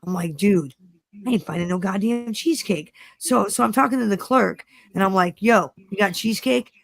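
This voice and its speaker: A woman's voice: mid-range voice, moderate pace, gravelly, no echo, studio quality. A woman hosting a casual chat show, telling a rambling story full of swearing and acted-out quotes of herself. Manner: animated, swears constantly, acts out her own quotes. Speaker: podcast host.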